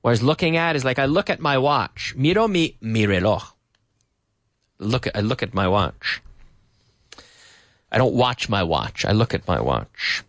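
A man's voice: mid-range voice, big pitch swings, measured pace, pauses often, fairly bright tone, no echo, studio quality. A man teaching English to Spanish speakers, drilling short questions and answers over and over and explaining how native speakers link words. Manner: drills example phrases, repeating questions and answers.

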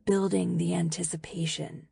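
Woman reading as a soft, teasing teenage boy. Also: fairly low pitch, level tone, moderate pace, vocal fry, slightly rough, dry recording, clean studio sound, pitched below the performer's own voice, full character voice. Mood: hushed.

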